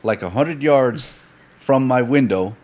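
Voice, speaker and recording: A man's voice: medium pitch, unhurried. A man telling a story in casual chat, swearing freely and acting out dialogue. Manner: animated anecdote teller, swears freely, acts out dialogue. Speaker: guest.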